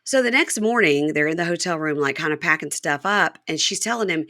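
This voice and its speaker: A woman hosting a podcast, chatting casually as she recaps a reality TV episode and acts out the cast in high, squeaky voices. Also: fairly quick, hardly any pauses, pushed and bright. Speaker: podcast host.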